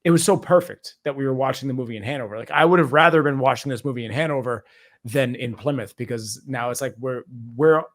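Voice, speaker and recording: A man hosting a casual movie review podcast, his voice sitting at an ordinary middle pitch. He tells stories with energy, swears freely and slips into mimicry of other people. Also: quick pace. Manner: animated, profane storytelling with mimicry. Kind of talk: casual chat.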